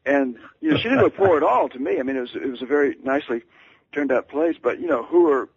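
A man's voice: mid-range voice, expressive, fast, husky, dry recording. A man, an author and radio guest, telling a story with lots of stammering, restarts and fillers. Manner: stammering and rambling with many fillers. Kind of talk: anecdotal storytelling. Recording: dull lo-fi radio sound.

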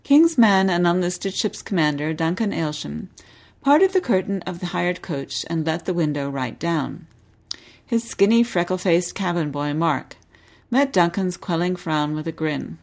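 Lady hosting a book podcast, lowish voice, reads out a novel nice and measured. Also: lively intonation, a little mellow. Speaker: podcast host. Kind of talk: reading a novel excerpt and interviewing.

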